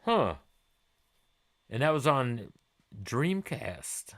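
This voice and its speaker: A man's voice: medium pitch, very animated, extremely slow, fairly bright tone. A man in his forties hosting a gaming live stream, chatting with viewers in a rambling, laid-back way and swearing freely.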